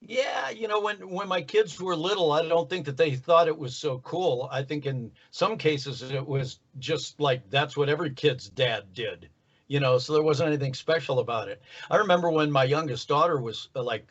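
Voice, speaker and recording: An older man, a voice actor, chatting in an easygoing, relaxed way in an interview. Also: on the high side. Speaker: guest voice actor. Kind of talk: casual interview chat. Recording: dull lo-fi sound.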